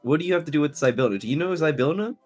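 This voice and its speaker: A man's voice: fairly high pitch, lively intonation, rapid-fire, darkish tone, soft background music. A man playing a tabletop game, reacting eagerly and talking in character. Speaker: player.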